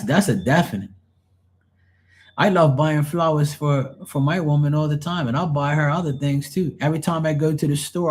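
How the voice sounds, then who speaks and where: A man reading tarot on a live stream, telling blunt, profane stories in casual chat and mocking the people he quotes. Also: fairly high pitch. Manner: animated, mocking quoted voices.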